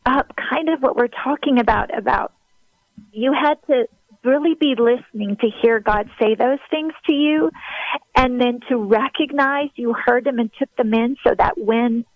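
Woman guest, ministry leader, earnest and preacherly, fairly high voice, dry remote recording. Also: normal speed, no room sound, phone-quality sound. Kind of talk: heartfelt faith conversation.

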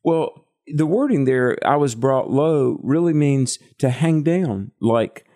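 A man's voice: medium pitch, animated, takes it slowly, dark tone. A man co-hosting a radio Bible study, thoughtfully explaining scripture wording.

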